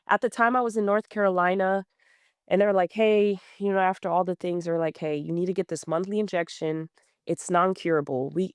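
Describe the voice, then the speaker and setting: A woman's voice: lowish voice, clear, resonant tone, dry recording, studio quality. A woman in her thirties, a podcast guest, telling her story in a blunt, plain-spoken way with many fillers and restarts. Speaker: guest runner. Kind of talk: candid conversational storytelling.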